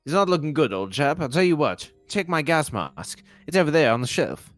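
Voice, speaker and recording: A man's voice: on the high side, big pitch swings, fairly quick, dry recording, soft background music. A man voicing a dotty, pompous old English army brigadier with a posh, blustering English accent, reading game dialogue aloud. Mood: jolly.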